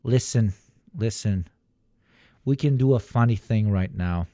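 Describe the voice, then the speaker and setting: A man's voice: on the low side, unhurried, dark tone, no room sound, clean studio sound. A man streaming a casual reaction, joking and sarcastic, often laughing and restarting his sentences. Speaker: streamer reacting to online posts. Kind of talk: casual livestream reaction commentary.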